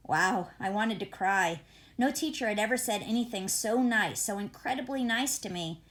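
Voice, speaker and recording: A woman's voice: fairly high pitch, animated, moderate pace, a bit bright. A woman reading a first-person novel aloud as an audiobook, in a conversational, wry and reflective manner. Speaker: audiobook reader.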